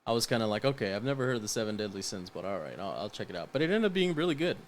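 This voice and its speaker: A man chatting casually on a movie review podcast. He swears freely and breaks into loud laughs and shouts when something excites him. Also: lowish voice, racing, a little hiss or hum. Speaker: podcast co-host.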